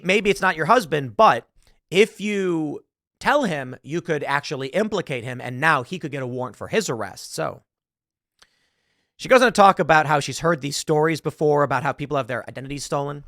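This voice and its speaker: A man hosting a talk show, reading an article aloud and retelling stories in a sarcastic, animated way. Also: on the high side, fairly quick, no echo, clean studio sound. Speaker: podcast host.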